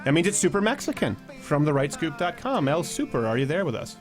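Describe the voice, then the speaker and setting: A man hosting a comedic talk show, teasing his guest in quick, irreverent banter. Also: on the high side, very animated, faint music behind. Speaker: host.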